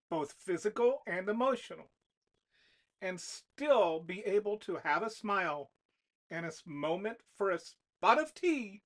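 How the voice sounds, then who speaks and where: A storybook narrator reading aloud with an expressive, animated delivery. The pitch rises and falls freely through each sentence. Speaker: author and narrator.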